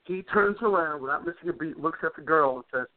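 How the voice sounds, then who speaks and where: A middle-aged man with a somewhat high voice, telling animated stories and tripping over repeated words. He comes through a thin, tinny phone line. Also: fast talker. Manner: animated anecdote teller, repeats words as he talks. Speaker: guest wrestler. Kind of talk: casual storytelling on a phone call.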